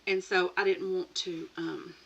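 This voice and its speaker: A woman's voice: on the low side, level tone, measured pace, vocal fry, fairly bright tone, breathy edge. A woman hosting a casual late-night live chat from her home craft room, chatty and rambling, laughing often and greeting viewers by name. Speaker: crafting channel host. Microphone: computer or tablet mic.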